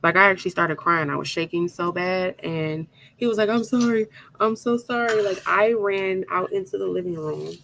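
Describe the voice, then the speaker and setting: A woman tells a story in a casual, dramatic way while she crafts, speaking straight to her viewers. Her voice sits at an ordinary pitch with a lot of gravelly fry. A faint hum of room noise runs underneath. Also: fairly even intonation, moderate pace, few pauses, sharp tone, poor audio. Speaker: crafting channel host.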